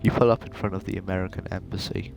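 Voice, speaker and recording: A man hosting a gaming video, reading a narrative game aloud in steady narration. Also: low voice, fast, gravelly. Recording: game music playing behind.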